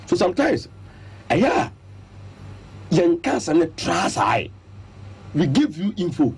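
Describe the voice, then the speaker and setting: A man's somewhat high, creaky voice with a breathy edge comes through a radio studio broadcast, his pace a little slow. With a Ghanaian accent, he offers spirited sports commentary in mixed Twi and English, stressing each point as he enumerates them.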